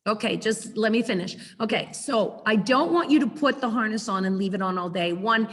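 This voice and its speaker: Over a video call, this middle-aged woman lectures an online puppy training class, chatting and acting out how she corrects the dog. She speaks a little fast at medium pitch with lively intonation, and a long reverb tail trails her voice.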